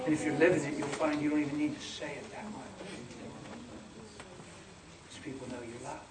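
A man's voice: on the high side, steady tone, brisk. A middle-aged man preaching a sermon as pastor, emphatic and humorous, acting out little scenes for his congregation. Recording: echoey hall from far off with congregation noise.

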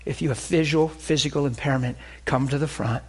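A man preaching and telling healing stories, swinging between hushed and loud. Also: on the high side, fairly quick, husky. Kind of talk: sermon with healing testimony.

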